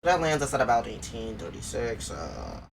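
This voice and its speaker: A man's voice: mid-range voice, very animated, moderate pace, creaky, a little hiss or hum. Blunt, swearing male streamer. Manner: blunt, crude, swears freely. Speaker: streamer reacting to a video. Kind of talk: casual reaction commentary.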